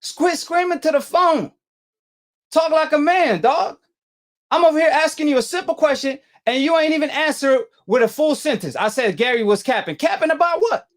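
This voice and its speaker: A man's voice: extremely high pitch, expressive, fairly quick. A man hosting a boxing call-in show, arguing with a caller in a combative, slangy way and repeating himself. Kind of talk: heated call-in debate.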